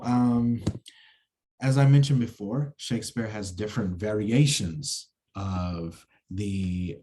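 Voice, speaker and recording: A man teaching classical acting over a video call, explaining verse and meter in a halting way with many fillers and restarts. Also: lowish voice, mellow. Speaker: acting instructor. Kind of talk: online lecture with screen share.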